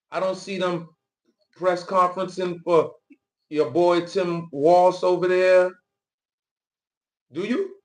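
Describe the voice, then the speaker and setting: A man hosting political commentary, reacting to news clips in loose, slangy casual talk. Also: high-pitched.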